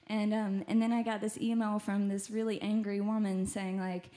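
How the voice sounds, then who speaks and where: A woman's voice: medium pitch, level tone, moderate pace, few pauses, mellow. A woman singer-songwriter chatting casually between songs on a venue stage, rambling with self-deprecating humor into a stage mic. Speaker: singer-songwriter performing live. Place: live music venue stage.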